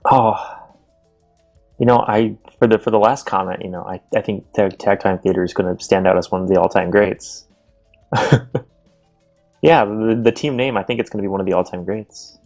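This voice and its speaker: A man with a low, gravelly voice chats casually as a team captain during a streamed league draft. He talks in a relaxed, halting way, often restarting his sentences. Faint music plays underneath.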